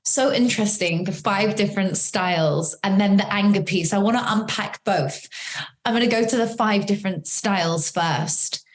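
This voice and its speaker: A young woman hosting an interview, chatting casually and telling a story in an animated way with lots of "um" and "like". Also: mid-range voice, moderate pace. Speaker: host.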